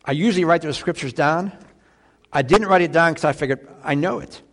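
A man preaching a sermon, asking the congregation questions, getting loud on emphatic lines and dropping low and quiet on others. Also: brisk. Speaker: pastor.

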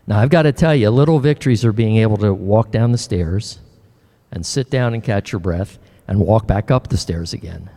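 An older man preaching a sermon as pastor, earnest and emotional, often pausing and restarting his words. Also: on the low side, warm tone, big-room sound.

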